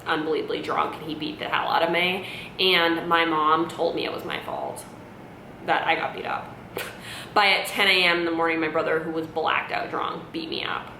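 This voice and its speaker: A young woman vlogs a personal story in a candid, rambling way, peppering it with "like" and "you know." Her voice has a bright, forceful edge. The room is echoey, with a faint low rumble underneath. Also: steady tone, moderate pace, vocal fry. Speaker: vlogger. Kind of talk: storytime vlog.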